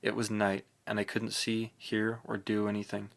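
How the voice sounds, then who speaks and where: A man narrating a novel audiobook in the first person, with a steady, brooding reading. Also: fairly low pitch, normal speed, gravelly.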